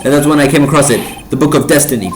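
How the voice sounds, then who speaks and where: A man reading the lines of an excitable, lovesick young man in a video game, eager and stammering as he rushes through them. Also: on the high side, a little hiss or hum, natural voice, rough recording. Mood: dreamy.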